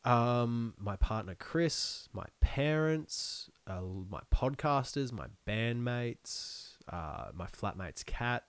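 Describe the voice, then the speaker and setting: Lively young man, laughing and rambling. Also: mid-range voice, slow, clear, resonant tone, dry recording. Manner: laughing, rambling, swears often. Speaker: podcast guest. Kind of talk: casual interview chat.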